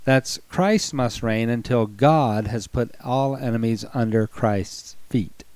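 A man with a cold and a raspy voice, co-hosting a conversational Bible study and explaining verses step by step. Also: mid-range voice, slow pace, a little mellow, dry recording. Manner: explains scripture step by step, affirming often. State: hoarse from a cold. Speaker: co-host of a Bible study show.

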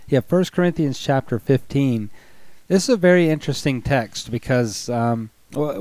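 A man with a cold and a raspy voice, co-hosting a conversational Bible study and explaining verses step by step. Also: mid-range voice, moderate pace, a little mellow, no room sound. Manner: explains scripture step by step, affirming often. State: hoarse from a cold. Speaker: co-host of a Bible study show.

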